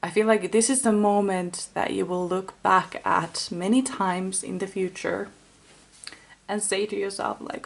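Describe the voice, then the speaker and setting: A woman giving an intuitive tarot reading to camera, gentle and musing, with many fillers and restarts. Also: mid-range voice, steady tone, measured pace, vocal fry. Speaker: tarot card reader.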